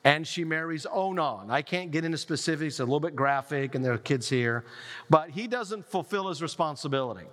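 A man preaching to a congregation, walking through a scripture story with animated retellings. His voice sits a little high for a man, and it rings out with the long reverb of a large hall. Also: normal speed. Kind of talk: sermon.

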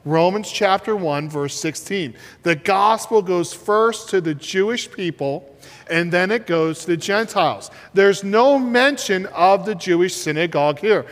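A man preaching a sermon on a headset mic, swinging between shouts and near-whispers as he acts out the story. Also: sits high, animated, a little slow. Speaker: pastor. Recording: reverberant hall.

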